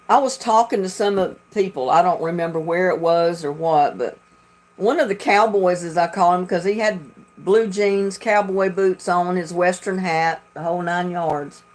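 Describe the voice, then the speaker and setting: A woman's voice: fairly low pitch, fairly even intonation, a little slow, a little mellow. A woman from North Carolina with a Southern accent, chatting casually and telling rambling stories as she hosts a livestream. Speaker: livestream host.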